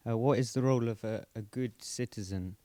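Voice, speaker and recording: A man in the audience asking a halting question with many pauses. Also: mid-range voice, mellow, a little hiss or hum. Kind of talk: hesitant spoken question.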